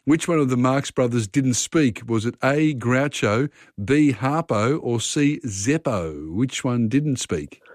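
A man's voice: medium pitch, lively intonation, takes it slowly, few pauses, a little mellow, no echo, studio quality. A man hosting a radio phone-in quiz, chatting casually and talking contestants through the questions.

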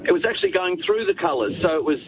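A man's voice: sits high, sing-song, fast, gravelly, slight background noise. A man calling a radio show from his car, describing what he sees with enthusiasm. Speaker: caller. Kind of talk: phone-in chat. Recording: tinny phone line from a car.

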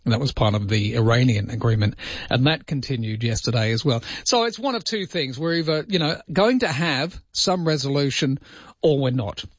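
A man's voice: mid-range voice, expressive, moderate pace, no room sound. A man hosting a solo talk show, chatting in a wry, rambling way with lots of asides. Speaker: show host. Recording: dry, slightly dull lo-fi sound.

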